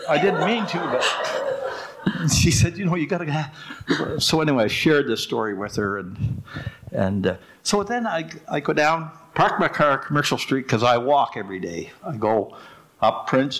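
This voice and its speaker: A man's voice: mid-range voice, fairly bright tone. An older man, short of breath, telling a rambling testimony in church that keeps breaking into laughter. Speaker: church member sharing a testimony.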